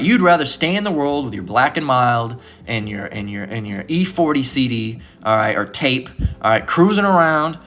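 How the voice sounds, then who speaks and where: Male preacher, mid-pitched, casual and profane, repetitive "all right?" delivery over faint background music. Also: fairly bright tone. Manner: loose and profane, tags lines with "all right?"; emphatic, often repeats himself. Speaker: preacher teaching a Bible lesson. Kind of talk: informal sermon-style Bible lesson.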